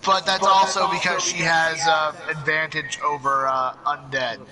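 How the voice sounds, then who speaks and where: A man's voice: on the high side, flat delivery, a little slow, bright, forceful tone, soft background music, low-quality recording. A young man co-hosting a gaming video, chatting casually with jokey asides. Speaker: co-host playing the game. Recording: game crowd noise behind.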